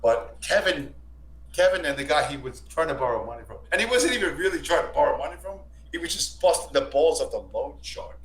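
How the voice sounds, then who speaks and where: A man's voice: fairly high pitch, animated, brisk, a bit bright. A man telling a long, rambling, profane story on a stream, repeating and restarting himself often. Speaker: stream guest. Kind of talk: casual storytelling. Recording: echoey room with faint hum.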